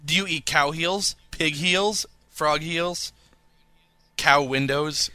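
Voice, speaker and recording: Bright, slightly high male voice; playful young podcast co-host, dry close mic. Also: slow pace, clear, resonant tone, no room sound. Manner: playful, reads listener emails with mock drama. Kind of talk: casual comedic chat.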